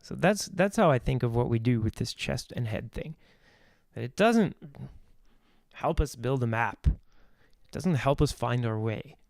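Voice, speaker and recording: A man's voice: medium pitch, lively intonation, unhurried, gravelly, a little mellow, no echo, studio quality. A man teaching singing technique on a live stream, explaining ideas aloud with restarts and small sung demonstrations.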